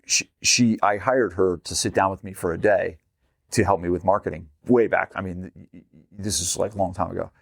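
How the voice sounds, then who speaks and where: A middle-aged man hosting a casual business podcast, telling animated stories and often repeating words as he starts a sentence. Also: low-pitched, brisk, creaky, no room sound, studio quality. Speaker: podcast host and gym business coach.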